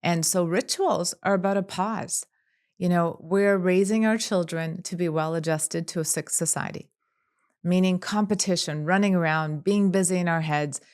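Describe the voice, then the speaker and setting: A woman clinical psychologist speaking as a podcast guest, calm and measured, running through long lists of examples. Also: fairly low pitch, clean tone. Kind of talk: podcast interview.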